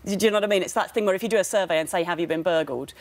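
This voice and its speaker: A woman's voice: fairly low pitch, rapid-fire. A woman, a comedian and campaigner arguing her point earnestly as a guest in a studio debate. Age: 40s.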